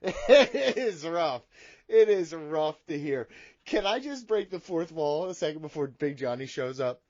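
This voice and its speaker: High-voiced, crude joking male host. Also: big pitch swings, a little slow, a little mellow, no echo, lo-fi sound. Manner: crude, profane, rambling joking. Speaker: podcast host. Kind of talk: casual chat.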